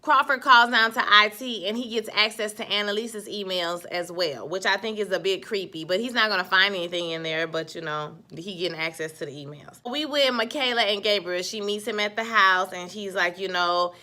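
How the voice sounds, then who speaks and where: A woman giving a casual, chatty recap of a TV episode, telling the story with lively slang asides. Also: medium pitch, a little fast, hardly any pauses. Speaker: TV recap vlogger.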